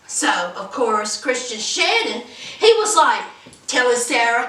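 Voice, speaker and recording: A woman's voice: on the high side, very animated, measured pace, fairly bright tone, roomy sound, recorded from a distance, slight background noise. A woman retelling a movie plot in a casual, sassy way, full of chatty asides. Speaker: movie reviewer.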